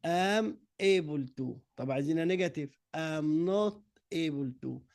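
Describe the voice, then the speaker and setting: A man's voice: fairly high pitch, creaky, darkish tone, no echo. A man who is a native Arabic speaker with an Egyptian accent, teaching an English workbook lesson and reading answers out one word at a time. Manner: slow, drilling answers word by word.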